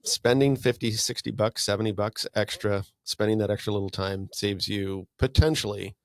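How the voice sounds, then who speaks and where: This man co-hosts a casual podcast in an easygoing, agreeable way, often filling pauses with "um" and "uh". His voice is slightly low, and the dry studio sound keeps him close. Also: fairly even intonation, no room sound. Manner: easygoing, agreeable, lots of fillers. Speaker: podcast co-host.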